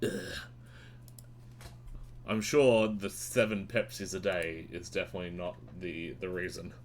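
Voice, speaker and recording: A man reviewing new albums in a casual, rambling and sweary way, with sudden jumps in pitch. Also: little pitch movement, unhurried. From Australia. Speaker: music reviewer. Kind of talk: casual monthly album roundup.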